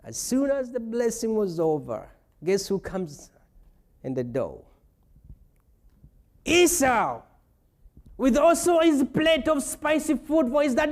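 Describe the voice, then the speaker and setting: A man's voice: very high voice, big pitch swings, slow, long pauses. A man preaching a sermon as pastor, retelling a scripture story with playful asides.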